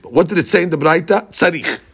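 A man leads a daily Talmud class, his voice pitched a bit high with a husky, gravelly edge. He keeps throwing rhetorical questions at his students and mixes Hebrew and Aramaic terms into his explanations. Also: expressive, fast, fairly bright tone. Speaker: Talmud teacher.

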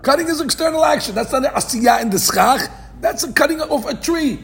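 A man's voice: extremely high pitch, a little fast, vocal fry. A man teaching a daily Talmud class, reading the Aramaic text and explaining it in English, asking questions and answering them himself. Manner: animated, asks and answers his own questions. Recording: podcast recording of a live class.

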